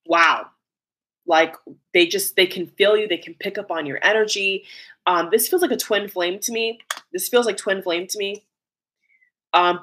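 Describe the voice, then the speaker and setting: Woman, tarot reader, casual card reading, chatty, mid-pitched, lots of fillers. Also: a bit bright. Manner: chatty, filler-heavy, breaks into laughs.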